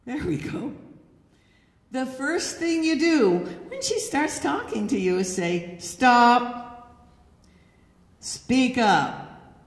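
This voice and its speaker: Slow-talking woman lecturing in echoey hall. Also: high voice, big pitch swings, a little mellow. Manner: direct, instructive advice to the audience. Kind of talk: presentation to an audience. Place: church hall. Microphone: handheld or stand microphone. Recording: echoey hall with long reverb.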